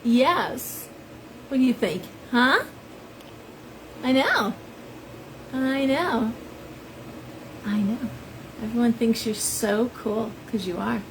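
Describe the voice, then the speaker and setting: A woman's voice: fairly high pitch, takes it slowly, pauses often, background noise. A middle-aged woman, a shop owner, chatting casually on a live stream and greeting viewers by name. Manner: chatty, rambling, reads out viewer names.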